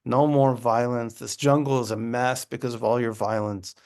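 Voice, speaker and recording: A man's voice: mid-range voice, steady tone, normal speed, darkish tone, clean tone, natural voice. A man voicing a stern male guru who insistently scolds jungle animals in a told fable. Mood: scolding.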